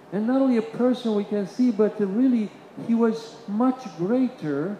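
A man preaching a sermon. He builds to emphatic peaks, drops into quiet asides, and repeats phrases while he searches for words. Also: high voice. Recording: reverberant hall, faint room noise.

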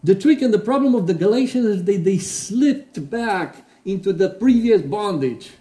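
A man preaching a sermon in a church, earnest and halting, with restarts and fillers, reading quotations aloud with emphasis. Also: high-pitched, lively intonation, mellow. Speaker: pastor. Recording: roomy echo.

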